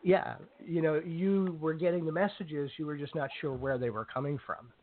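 A man's voice: a little high, steady tone, moderate pace. A man hosting a casual talk show, speaking loosely and saying "you know" a lot. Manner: filler-heavy, says "you know" often. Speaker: show host. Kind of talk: casual podcast conversation. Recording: dry, tinny phone-line sound.

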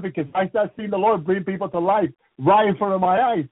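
Male minister, husky high voice, halting testimony full of praise interjections, phone-quality dry recording. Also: dry recording. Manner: punctuates every few phrases with "praise the Lord"; halting, repeats words and restarts. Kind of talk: testimony preaching. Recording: dry, tinny phone-like sound.

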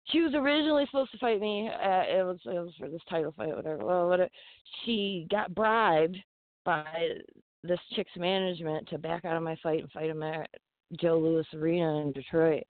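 A woman's voice: fairly low pitch, moderate pace, no echo. Woman guest, 30s, salty and giggly storyteller, dry tinny phone-line sound. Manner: profane, laughing, animated storyteller. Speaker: guest fighter. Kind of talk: casual podcast storytelling.

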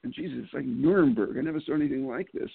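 Gravelly man on a phone-like line. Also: mid-range voice, very fast. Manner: animated storyteller, many restarts and laughs. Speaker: political candidate guest. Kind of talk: casual interview talk. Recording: phone-like call audio.

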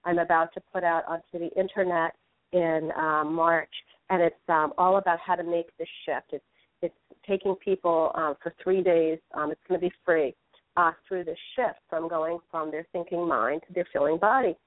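A woman with a somewhat low voice tells a story earnestly as a guest in a radio conversation. The sound is narrow and phone-like, with no room echo at all. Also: steady tone, normal speed. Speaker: spiritual teacher, guest. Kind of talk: casual radio interview talk.

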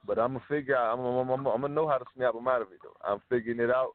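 A man's voice: medium pitch, steady tone, rapid-fire, slight background noise. A man co-hosting a casual podcast chat, blunt, insistent and profane. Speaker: podcast co-host. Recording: dry, tinny phone-like sound.

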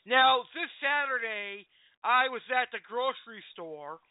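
A man's voice: very high voice, expressive, a little slow, dry recording. A man hosting his own unscripted talk show, telling crude stories and rants full of profanity. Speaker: host. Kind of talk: unscripted solo rant and storytelling. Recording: dry tinny phone-like audio.

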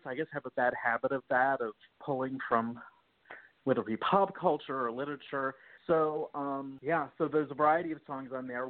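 Animated male musician on a tinny line. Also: medium pitch. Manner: animated, laughing, self-correcting. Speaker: musician guest. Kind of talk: casual interview talk.

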